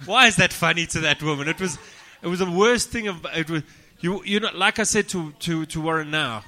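A South African man, a comedian guest, telling stories in a deadpan, profane, self-mocking way in a casual podcast chat. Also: fairly high pitch, normal speed.

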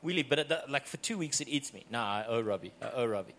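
A man's voice: medium pitch, expressive, fast talker, a bit bright, a little hiss or hum. A man hosting a comedy podcast in casual chat, teasing his guest and telling stories with laughs. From Scottish heritage. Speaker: podcast host.

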